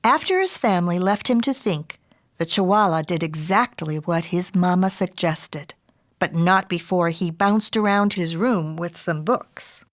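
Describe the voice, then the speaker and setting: A woman author reading her own picture book aloud to children in a playful, expressive way. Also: fairly low pitch, unhurried. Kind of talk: storybook read-aloud.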